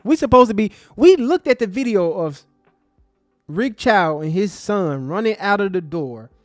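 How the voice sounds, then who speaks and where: Man, live stream host, high lively voice, angry rant, street slang, dry close sound. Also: unhurried, dry recording, soft background music. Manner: angry and passionate, swings between loud bursts and low muttering. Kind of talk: heated live stream commentary.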